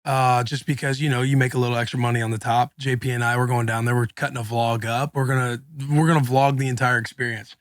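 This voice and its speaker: A man's voice: medium pitch, dry recording. Male podcast co-host, mid-range voice, casual slangy storyteller, dry close mic. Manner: animated, slangy, quick retelling with acted quotes.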